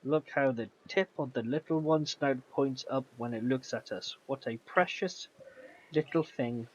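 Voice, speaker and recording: A man's voice: medium pitch, measured pace, a little mellow, slightly rough. A man streaming a video game, chatting casually and rambling as he reads and answers his chat. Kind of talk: casual gameplay commentary. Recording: slightly dull, faint background music.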